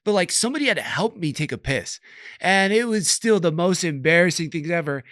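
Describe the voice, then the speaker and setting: Smooth, dry-voiced young male podcast host. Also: high voice, fairly quick, no echo. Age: young adult. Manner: relaxed, loose, with frequent "like" and "you know". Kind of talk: casual interview chat.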